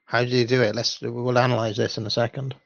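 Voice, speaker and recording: A man's voice: medium pitch, flat delivery, quick pace, vocal fry, no room sound, faint music behind. A man rambles through commentary between pages of a storybook, circling back and restarting his sentences. His voice sits in the middle range and sounds dry and slightly muffled. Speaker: livestream host.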